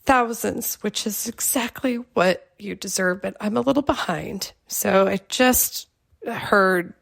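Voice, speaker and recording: A middle-aged woman leaving a halting, heartfelt voicemail tribute as a caller. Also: medium pitch, creaky, a bit bright. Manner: halting, heartfelt, pauses with ums.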